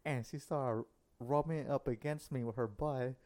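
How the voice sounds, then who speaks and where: A man's voice: mid-range voice, normal speed. A male podcast host telling an embarrassing story in casual chat, often laughing as he talks. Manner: laughs often through his story, animated.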